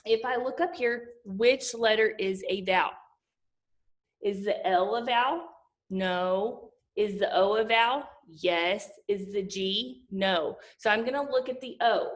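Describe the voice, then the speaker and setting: A woman teacher giving a slow, sing-song phonics lesson to young children, asking them questions as she sounds out letters. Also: mid-range voice.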